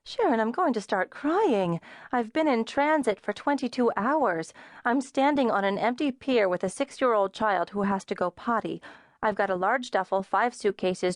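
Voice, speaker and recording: A woman's voice: fairly high pitch, no room sound, studio quality, lightly acted. A woman narrator voicing an exhausted, frazzled young mother with an exasperated, pleading manner.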